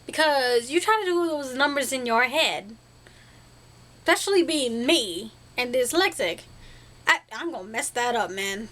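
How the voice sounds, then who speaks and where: High, bright, chatty young woman vlogger. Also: expressive, measured pace. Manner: chatty, silly, self-deprecating, playful made-up words. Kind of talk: casual rambling to-camera vlog.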